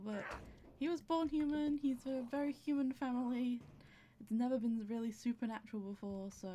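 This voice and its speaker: A woman's voice: fairly high pitch, warm tone, a little hiss or hum. A woman casually commenting on her game, chatting to her characters and laughing often, with audible breathing. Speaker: gameplay commentator.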